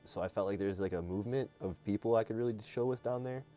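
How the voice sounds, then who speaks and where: A man hosting a live stream, chatting casually and teasing his co-host in an animated, joking way. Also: lowish voice, quick pace, soft background music.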